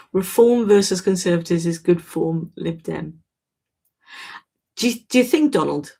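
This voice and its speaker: A woman from Wales hosts a casual live chat, answering viewers by name. Her voice is husky and breathy. She talks frankly and chattily, often breaking off and starting her sentences again. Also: lowish voice, slow, long pauses, a little mellow. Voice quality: chatty, self-interrupting, frank. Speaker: livestream host.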